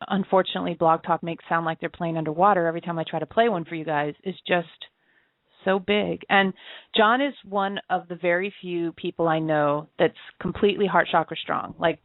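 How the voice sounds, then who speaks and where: A woman's voice: fairly low pitch, no room sound. A woman co-hosting a talk show, telling personal stories in an easy, musing way and laughing often. Her voice comes through a thin, phone-like line. The sound is close and dry, with no room around it. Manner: reflective storytelling with frequent laughs. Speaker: co-host of an internet radio show. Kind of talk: casual chat. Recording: tinny phone-line audio.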